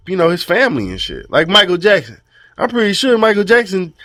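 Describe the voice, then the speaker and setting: A man's voice: sits high, no echo, studio quality. A man co-hosting a radio talk show, ranting in casual chat with lots of swearing. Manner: animated, swears a lot, rants.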